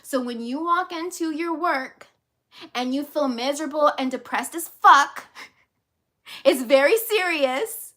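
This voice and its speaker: A high-pitched woman coach talks straight to her viewers in a motivational vlog. She hammers her points home by repeating them and keeps the tone casual, swearing now and then. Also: slow pace, a bit bright. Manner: emphatic and repetitive, casual with swearing. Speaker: life and business coach.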